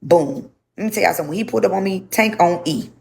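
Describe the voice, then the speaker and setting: A woman's voice: fairly low pitch, fast, gravelly. A young woman telling her story to a livestream audience, speaking bluntly with lots of swearing and repetition.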